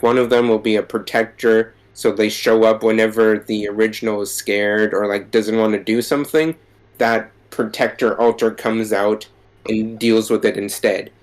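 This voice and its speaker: A man co-hosting a podcast, chatting casually about what he has watched. He acts out quotes with sudden, lively leaps in his voice and then drops back to an easy conversational tone. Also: on the low side. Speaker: podcast co-host. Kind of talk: casual chat.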